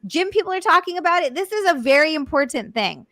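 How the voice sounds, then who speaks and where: Giggly young woman streamer, bright and dry. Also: high voice, big pitch swings, fast, no echo. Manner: giggly, thanks viewers, swears casually. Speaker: streamer host. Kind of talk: casual live-stream chat.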